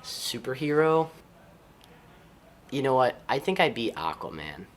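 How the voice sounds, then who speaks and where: A high school senior football player from Ohio with an Ohio accent, answering interview questions in an easygoing, upbeat way. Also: male voice, very animated, unhurried. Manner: upbeat, easygoing, laughs often.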